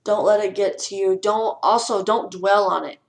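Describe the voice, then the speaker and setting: Young woman, home vlogger, earnest and blunt, mid-pitched, casual rant. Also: fairly even intonation, moderate pace, gravelly, rough recording. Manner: earnest, ranting, frank with swearing. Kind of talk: casual vlog advice talk.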